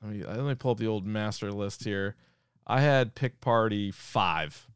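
Man retelling sketches in an animated way. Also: fairly low pitch, a little slow, smooth, dry recording, studio quality. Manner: swears casually. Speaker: podcast co-host. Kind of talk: casual chat.

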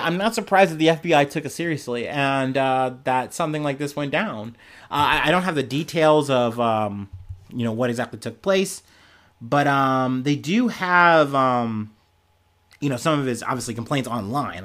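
A man's voice: on the high side, animated, moderate pace, fairly bright tone. A young man hosting a podcast, giving casual, profane, sarcastic news commentary and often laughing. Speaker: podcast host.

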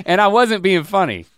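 A man co-hosting a casual chat, bantering and teasing in a playful way. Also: a little high. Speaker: podcast co-host.

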